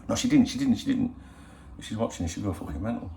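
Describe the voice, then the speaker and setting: A middle-aged man with a low, gravelly voice chats casually to his viewers. He rambles on in a cheeky, profane way, as the regular host of his own channel. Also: animated, fast, mellow, slight background noise. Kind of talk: casual chat. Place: in Spain.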